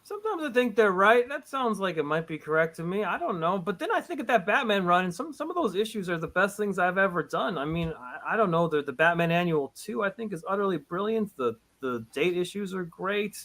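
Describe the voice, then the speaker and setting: Lively, high-voiced man telling stories. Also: brisk, few pauses. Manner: animated storyteller, swings into laughing exclamations. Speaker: comic book writer, guest. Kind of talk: casual interview chat.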